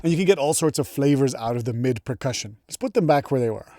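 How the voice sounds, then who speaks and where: A man's voice: medium pitch, animated, fast. Upbeat man teaching music production. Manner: upbeat, chatty, enthusiastic. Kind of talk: casual tutorial. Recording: music playing behind.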